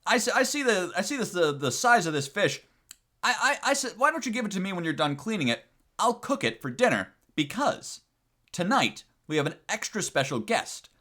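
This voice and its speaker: In a joke he's telling, a man voices a stuffy, pompous bishop, pushing his voice high, bright, and above his natural register. The exaggerated delivery swings widely in pitch at a moderate pace.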